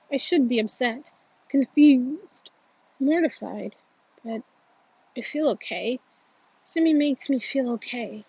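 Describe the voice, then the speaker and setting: Woman audiobook reader, high breathy voice, slow and earnest, muffled lo-fi sound. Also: darkish tone, no room sound. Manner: earnest, emotional reading with frequent restarts. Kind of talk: first-person novel reading.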